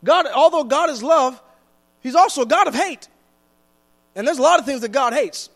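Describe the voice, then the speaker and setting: A man preaching a sermon in a church, chatty and joking, with slowed, weighty stress on the scripture he reads. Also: very high voice, expressive, a bit bright, big-room sound.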